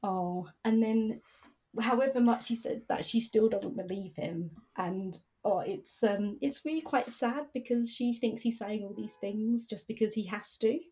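A woman reading passages from a novel aloud and chatting about them in a measured, hesitant way. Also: a little high, warm tone, breathy edge, rough recording.

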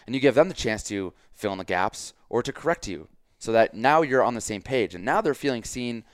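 A man's voice: medium pitch, expressive, fairly quick, no room sound. A man hosting a casual podcast as a fitness coach, talking emphatically with lots of "like" and quoted dialogue.

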